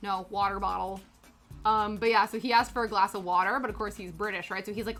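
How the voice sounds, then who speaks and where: A woman from Canada chatting casually with her live chat while stitching, animated and quick to laugh. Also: medium pitch, soft background music. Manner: chatty, animated, laughs often, greets viewers by name. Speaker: streamer.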